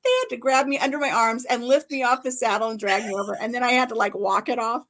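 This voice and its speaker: A woman hosting a live stream, telling funny personal stories in a casual, animated way. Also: fairly high pitch, fast talker. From Iowa. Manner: animated storyteller, acts out her own cries. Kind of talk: casual storytelling chat.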